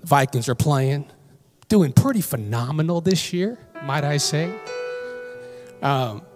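A woman preacher delivers a sermon from a church stage, her voice swinging widely up and down. She moves between conversational storytelling and emphatic exhortation, with soft instrumental music playing faintly behind her. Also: low voice, lively intonation, slow pace. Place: church sanctuary.

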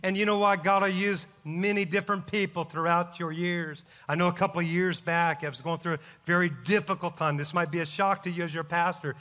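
A middle-aged man, a pastor, preaching a sermon with impassioned, rising shouts. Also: high voice, fairly even intonation, a little fast, hardly any pauses. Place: church sanctuary. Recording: long hall reverb.

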